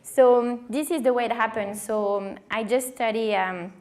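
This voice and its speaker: A woman in her thirties with a French accent and a small voice, telling her career story in a lively conference talk with many fillers. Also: a little high, normal speed. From France. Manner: animated, acts out quoted dialogue, many fillers. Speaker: wine director giving a conference talk.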